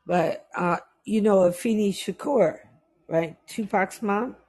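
A middle-aged woman from the West Indies tells stories from her past in unhurried, easygoing chat. Her voice is soft and breathy, and she slows down to let each story land. She breaks into the voices of the people in her tales, acting out what they said. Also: mid-range voice.

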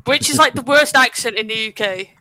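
High, bright West Country man. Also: fairly quick. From South West England. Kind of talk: casual chat.

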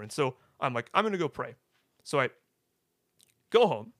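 A young man casually telling his personal faith story as a guest, halting and restarting, often tagging "right?". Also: mid-range voice, sing-song, fairly bright tone, dry recording, studio quality. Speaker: guest sharing testimony.

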